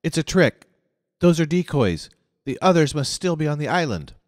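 A man voicing a furious, domineering man who snarls and shouts orders in an audiobook. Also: a little high, sing-song, normal speed, no echo, clean studio sound, long reverb tail, pitched above the performer's own voice.

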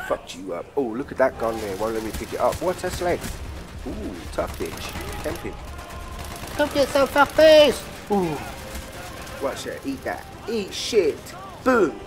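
A British man giving crude, excitable let's play commentary while trash-talking enemies in a war game. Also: fairly high pitch. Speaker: gamer. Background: game music and gunfire.

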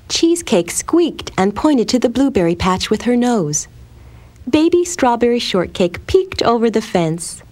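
A woman gently and expressively narrating a children's storybook. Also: on the low side.

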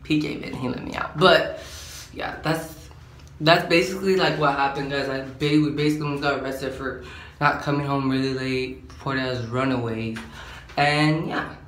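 An eighteen-year-old vlogger rambles through a casual storytime chat, using slang and saying "like" constantly. His voice is medium-pitched and a bit bright, with fairly even intonation and a moderate pace. The recording has a roomy echo and a faint hum underneath.

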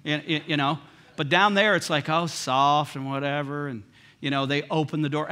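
A man preaching a sermon as pastor in a church, in a conversational, humorous way that swings between hushed lines and emphatic ones. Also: on the high side, fairly quick. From United States. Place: church sanctuary.

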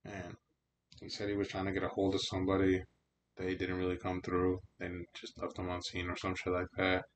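A man's voice: sits low, monotone, a little fast, slight background noise. A young man hosting a podcast, telling laid-back stories in casual chat with heavy swearing and slang. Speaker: podcast host.

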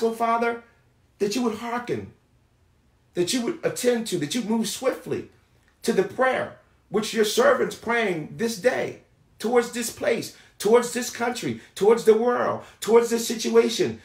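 A male pastor preaching a fervent sermon, drawing out scripture words slowly for emphasis. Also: very high voice, creaky, echoey room. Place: church sanctuary.

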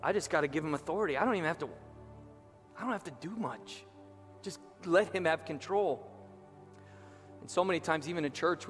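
A man preaching a sermon as pastor, impassioned, slowing down and rising for emphasis. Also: medium pitch. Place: church sanctuary. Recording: reverberant church hall with music behind.

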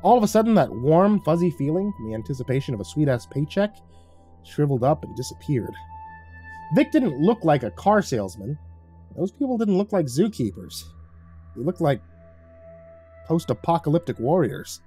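Guy reading a creepy story, big pitch swings, quiet music behind. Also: moderate pace. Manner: dramatic, expressive. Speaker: horror story narrator. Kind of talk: scripted horror narration.

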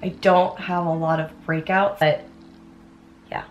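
A woman's voice: lowish voice, steady tone, a little slow, background noise. A young American woman chatting in a rambling way while doing her makeup, often interrupting herself with asides. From United States. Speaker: beauty vlogger.

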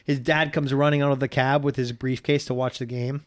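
A man co-hosting a couple's podcast, telling stories in casual chat, animated, swearing and laughing freely. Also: medium pitch, a little fast. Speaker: podcast co-host.

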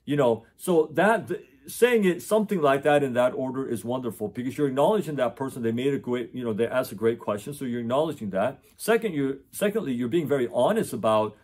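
A man's voice: medium pitch, expressive, a little fast, a little mellow. Man rambling to camera, many fillers. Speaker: tutor. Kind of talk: unscripted talk to camera. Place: indoors in front of his camera. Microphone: camera mic.

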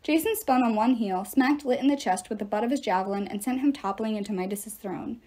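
A woman reading a novel aloud with expressive, dramatic narration. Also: on the high side, a little fast. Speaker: audiobook reader.

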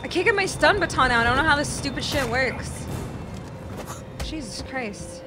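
Young female streamer, high animated voice, jumpy, swears when startled, loud game music behind. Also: normal speed. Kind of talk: live gaming commentary.

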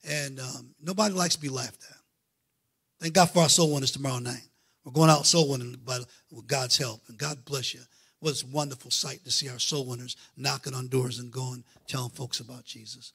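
A man preaching a sermon as pastor, swinging from quiet asides to loud fervent preaching. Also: medium pitch, steady tone, fairly quick, creaky, slightly rough. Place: church auditorium.

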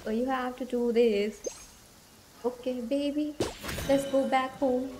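A woman's voice: high voice, fairly even intonation, a little slow, noisy background. A young woman from India streaming a game, chatting in a bubbly, rambling way with her viewers. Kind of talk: casual livestream chat. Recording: music playing behind.

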